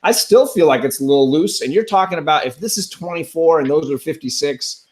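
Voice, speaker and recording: A man's voice: on the high side, fairly quick. A man hosting a casual chat, talking enthusiastically and restarting his sentences a lot. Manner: enthusiastic, rambling, frequent restarts. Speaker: host.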